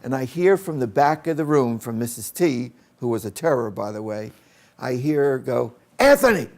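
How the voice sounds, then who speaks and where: A man's voice: mid-range voice, normal speed, dark tone. An older man, an educator, telling a personal story about his schooldays in an anecdotal way, acting out the people in it. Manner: anecdotal, with acted-out quotes.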